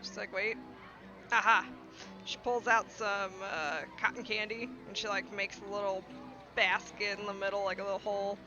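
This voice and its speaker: An animated woman narrating her character's actions at a tabletop game. Music plays clearly behind her, and the audio is dull and lo-fi. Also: medium pitch, a little fast. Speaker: player. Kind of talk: casual tabletop play.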